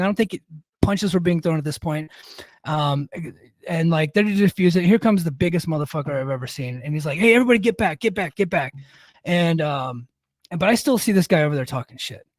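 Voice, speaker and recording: A man's voice: a little high, fairly quick, no room sound. Profane middle-aged man spinning a story. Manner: profane, rambling anecdote with many restarts. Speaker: podcast host. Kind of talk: casual storytelling.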